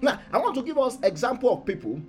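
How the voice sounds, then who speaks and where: High-voiced man preaching emphatically. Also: very animated, quick pace, soft background music. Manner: emphatic preaching, swinging between soft asides and loud proclamations; repeats key phrases for emphasis. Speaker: pastor leading a morning prayer meeting. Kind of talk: sermon.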